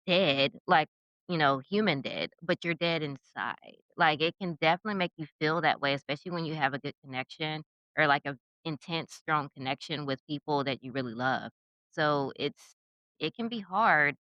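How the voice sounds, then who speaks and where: A woman's voice: low-pitched, bright, forceful tone, no room sound, muffled recording. A woman hosting a podcast, talking in an encouraging, casual way with many filler likes. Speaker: podcast host. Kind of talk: casual conversation.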